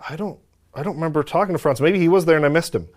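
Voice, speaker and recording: A man's voice: on the high side, very fast. A man hosting a stream, chatting casually and thoughtfully about a video game, rambling with many fillers. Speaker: streamer host.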